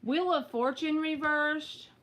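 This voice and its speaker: A woman's voice: high-pitched, takes it slowly, background noise. A woman with a Southern US accent reads tarot cards live. She talks in a chatty, direct way and answers viewers by name. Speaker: tarot reader. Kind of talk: live-stream tarot reading.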